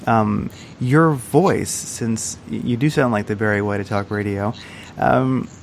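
A man's voice: on the low side, unhurried, vocal fry, slight background noise. A man hosting an interview, asking friendly, hesitant questions with many fillers. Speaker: podcast interviewer host. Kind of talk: casual interview.

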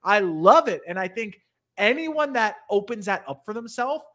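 A man in casual conversation, talking enthusiastically in rapid, tumbling phrases. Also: high-pitched, animated, bright, forceful tone.

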